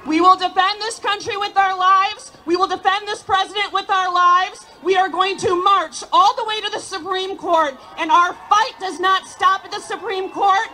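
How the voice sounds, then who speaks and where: A woman giving a shouted rally speech outdoors, leading the crowd in chants. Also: extremely high pitch, steady tone, normal speed, hardly any pauses. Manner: chanting, call-and-response with crowd. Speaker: rally speaker.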